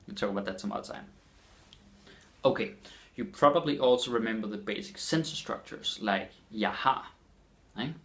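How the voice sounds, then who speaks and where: A man with a Danish accent teaching his language in a casual lesson, repeating phrases slowly for learners. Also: fairly low pitch, a bit bright. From Denmark.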